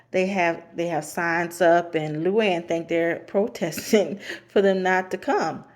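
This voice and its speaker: A woman giving a rambling, casual recap of a TV show, with many fillers and restarts, often laughing as she talks. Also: low voice. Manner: laughs often while talking.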